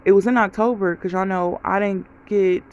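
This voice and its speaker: A woman's voice: medium pitch, fairly even intonation, normal speed, a little mellow, highs cut off. A woman vlogger giving a casual life update, telling stories straight to her viewers. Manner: chatty storytelling, talks straight to viewers.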